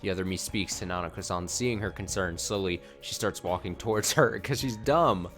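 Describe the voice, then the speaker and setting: Let's-play host: low-voiced man, reads the game text, sarcastic asides. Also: moderate pace, fairly bright tone, faint music behind. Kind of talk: reading game dialogue aloud with commentary.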